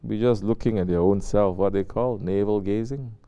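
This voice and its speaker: A man's voice: fairly low pitch, fairly even intonation, normal speed, warm tone, clean tone, highs cut off. A man giving a spiritual sermon as a Sufi sheikh, talking conversationally and asking his listeners rhetorical questions. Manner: conversational, asks rhetorical questions and acts out quotes.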